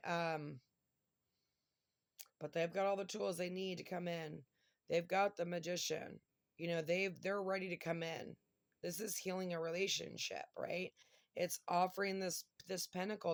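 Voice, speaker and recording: Emotional gravelly-voiced woman reading tarot. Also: on the low side, steady tone, moderate pace. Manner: emotional, exclamatory, near tears at times. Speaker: tarot reader. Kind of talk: casual tarot reading monologue.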